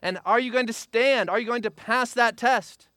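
A man's voice: very high voice, normal speed, sharp tone, no room sound, studio quality. A man preaching a sermon as pastor, driving his points home with short repeated exhortations that rise and fall in emphasis.

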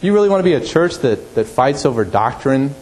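A male pastor preaching a sermon, emphatic, rising to forceful peaks and dropping low. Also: very animated, brisk, poor audio.

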